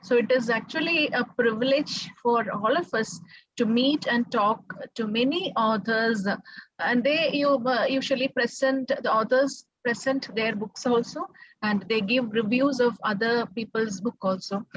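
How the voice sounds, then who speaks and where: A woman hosting an online book show, introducing speakers in a halting way with many pauses. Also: on the high side, dry recording, dull audio. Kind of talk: casual introduction.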